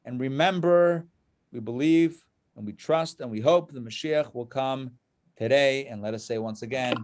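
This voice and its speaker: A man's voice: medium pitch, normal speed, noisy background. A man teaching a live class as a rabbi, telling a story and checking in with his listeners.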